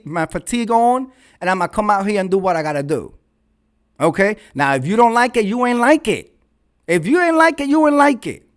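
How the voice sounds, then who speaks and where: A man hosting his own vlog, delivering a fiery, profane rant and repeating phrases for emphasis into a red microphone. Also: sits high. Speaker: vlog host. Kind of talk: ranting commentary.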